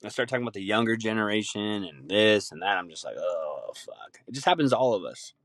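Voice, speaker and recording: A man's voice: fairly low pitch, expressive, quick pace, fairly bright tone, no room sound. A man hosting a podcast, rambling in a casual solo rant full of swearing and laughter. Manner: rambling, profane, laughing often. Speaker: podcast host.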